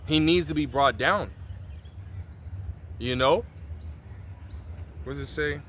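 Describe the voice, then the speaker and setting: A man street-preaching outdoors in a loose, slangy, profane way, his voice bright and a little high. He breaks his scripture reading with frequent asides. Faint city traffic hums behind him. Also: slow.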